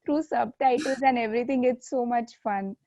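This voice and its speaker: A woman hosts a casual interview, her voice sitting a little high. She sounds eager and admiring and laughs often. The recording is dull and lo-fi, and the sound is dry. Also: moderate pace, mellow, no room sound. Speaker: interview host.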